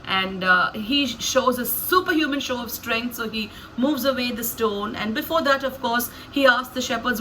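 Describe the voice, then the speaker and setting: Storyteller woman, bright voice, thoughtful, halting delivery reflecting on her craft. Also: fairly high pitch, a little hiss or hum, rough recording. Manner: thoughtful, musing, frequent hesitations.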